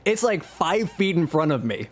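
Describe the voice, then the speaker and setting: A man's voice: on the high side, big pitch swings, normal speed, soft background music. A man streaming live, telling a story in a casual, self-mocking way and chuckling as he talks.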